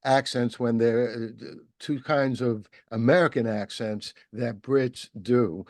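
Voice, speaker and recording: Male interviewer, mid-pitched, digressive, dry recording. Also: steady tone, slow, darkish tone, no echo. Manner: rambling, digressive. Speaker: host interviewer. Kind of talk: conversational interview.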